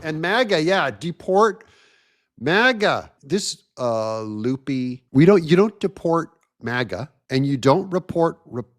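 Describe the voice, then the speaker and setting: A man hosting a political commentary show, talking in a sarcastic, mocking, excitable way. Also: on the high side, takes it slowly. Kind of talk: opinion commentary monologue.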